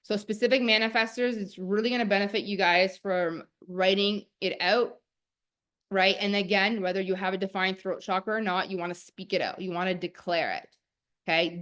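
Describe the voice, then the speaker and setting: A woman's voice: lowish voice, a little fast, fairly bright tone. A young woman teaching a live-streamed masterclass, talking in a chatty, enthusiastic way full of "like". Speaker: online course teacher.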